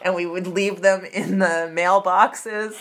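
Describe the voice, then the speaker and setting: A woman's voice: fairly low pitch, steady tone, slow, fairly bright tone. A woman from Massachusetts telling stories about her youth in a chatty way, with many fillers and restarts. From Massachusetts, USA. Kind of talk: casual personal storytelling.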